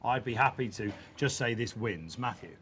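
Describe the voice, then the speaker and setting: A man hosting a racing preview outdoors, briskly quizzing his panel. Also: medium pitch, fairly bright tone, a little hiss or hum. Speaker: host. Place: outdoors at a racecourse.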